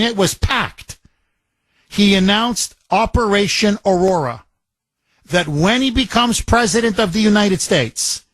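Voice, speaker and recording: High-pitched, slow-talking male radio host. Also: a bit bright, dry recording. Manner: emphatic, combative, repeats words for force. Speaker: radio talk show host. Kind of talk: opinionated talk radio monologue. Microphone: studio microphone.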